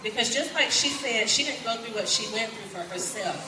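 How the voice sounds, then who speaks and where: A woman's voice: a little high, a little fast. Kentucky woman preaching to a crowd. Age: 40s. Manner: lively, folksy, calls out to the crowd. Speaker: pastor. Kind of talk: conference sermon. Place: large conference hall. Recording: echoey hall, distant and noisy.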